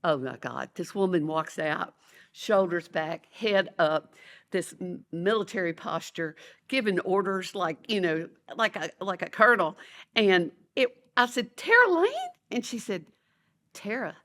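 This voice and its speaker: An older woman with a drawl tells classroom stories with real animation. She slips into the voices of the people she quotes, and her voice sits low for a woman. It is a relaxed, conversational podcast interview. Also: measured pace. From Louisiana, USA. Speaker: educator and author, guest. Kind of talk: conversational storytelling.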